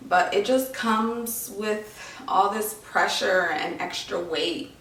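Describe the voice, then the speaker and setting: Slow-talking pregnant woman in a roomy space. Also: mid-range voice, a bit bright. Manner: chatty, pausing to think aloud. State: heavily pregnant. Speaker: vlogger. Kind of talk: casual pregnancy update vlog. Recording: roomy, from a distance with faint noise.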